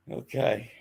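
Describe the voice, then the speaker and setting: Lively laughing man with a gravelly voice. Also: very high voice, muffled recording. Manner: laughs a lot, spelling out names while typing. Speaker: show host. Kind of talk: casual live-stream chat.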